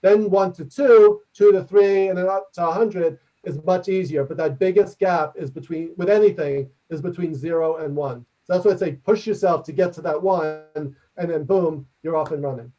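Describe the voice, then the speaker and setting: A man presenting a workshop over a video call and answering questions, talking quickly and energetically in the manner of a professor and trainer. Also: fairly high pitch, soft background music. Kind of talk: webinar presentation and Q&A. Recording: dull distant video-call audio.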